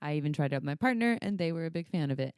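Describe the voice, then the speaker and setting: A woman's voice: low-pitched, animated, very fast, darkish tone, smooth, no echo, clean studio sound. A woman co-hosting a podcast as a sex educator, talking frankly and playfully in casual chat. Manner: frank, playful, laughs often.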